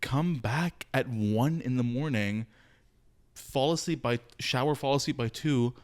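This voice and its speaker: A man's voice: mid-range voice, a little slow. A young man in his twenties, an interview guest speaking candidly and animatedly about his own experiences, with frequent fillers. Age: 20s. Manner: open, animated storytelling with frequent fillers and laughs. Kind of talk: candid personal conversation.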